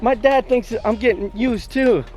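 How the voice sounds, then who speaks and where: A man's voice: extremely high pitch, normal speed, a little mellow, soft background music, pitched above the performer's own voice. A man putting on a volatile, childlike forty-year-old man who pleads in an intense, sing-song way. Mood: pleading.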